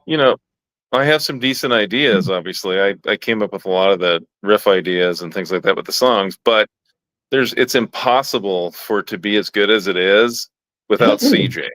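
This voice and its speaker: A man's voice: fairly low pitch, normal speed, fairly bright tone, no room sound, rough recording. A man who is a musician guest on a podcast, chatting casually in a rambling way full of "like" and "you know". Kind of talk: casual interview chat.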